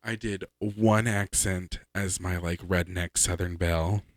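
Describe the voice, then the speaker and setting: A man with a fairly low voice, co-hosting a casual podcast and telling anecdotes with plenty of energy. He laughs often while he talks. The recording is dry and close. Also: fairly even intonation, measured pace, no echo. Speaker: podcast co-host. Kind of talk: casual chat, storytelling.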